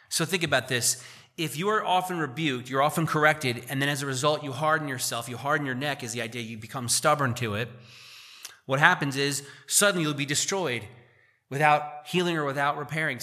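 A man, a pastor, preaching a sermon in a church, reading verses slowly and explaining them in casual asides. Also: medium pitch, pushed and bright.

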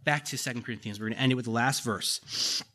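A man's voice: medium pitch, fast talker, bright, forceful tone. A middle-aged man preaching a sermon in a conversational way, repeating key lines and making folksy asides to the congregation. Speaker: pastor.

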